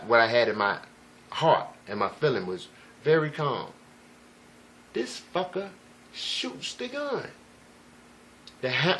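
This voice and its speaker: A man's voice: on the high side, fairly bright tone, a little hiss or hum. A man telling a personal story in a casual, rambling and profane way, full of emphatic asides to the listener. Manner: rambling, profane, emphatic, frequent "you know what I'm saying". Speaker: vlogger.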